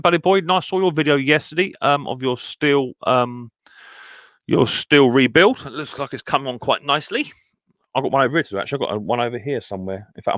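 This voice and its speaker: A man's voice: mid-range voice, a bit bright, dry recording, clean studio sound. Chatty man greeting his stream. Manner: chatty, greets viewers one by one, many ums. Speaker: live stream host. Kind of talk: casual live-stream chat.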